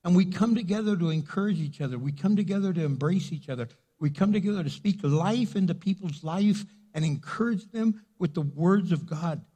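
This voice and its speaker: A man's voice: high voice, a little fast, few pauses, dark tone, slightly rough. An older man preaching a sermon as pastor in a church sanctuary, talking conversationally with frequent fillers.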